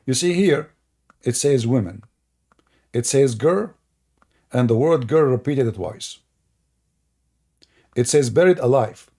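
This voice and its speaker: Gravelly, husky man mocking on stream. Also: mid-range voice, animated, takes it slowly, long pauses, dark tone. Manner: sarcastic, mocking, with loose non-native grammar. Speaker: livestream host taking callers. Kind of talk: mocking religious-debate livestream.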